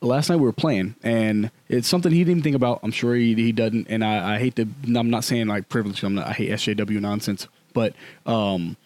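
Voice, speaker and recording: A man's voice: lowish voice, steady tone, a little fast, few pauses, a little mellow. A man in his thirties, a podcast co-host, telling candid stories in casual chat full of slang. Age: 30s.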